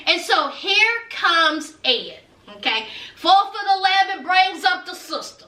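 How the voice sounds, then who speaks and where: High, bright, sassy woman recapping TV. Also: slow pace, distant mic. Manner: animated, sassy, laughs often, calls viewers honey. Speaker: reality TV recap vlogger. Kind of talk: casual gossipy commentary. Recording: echoey room, off mic.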